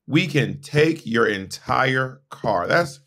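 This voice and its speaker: A man's voice: medium pitch, animated, slow, a bit bright. A man co-hosting a podcast in casual, opinionated chat, often restarting his sentences. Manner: chatty and opinionated, frequent restarts. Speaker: podcast co-host.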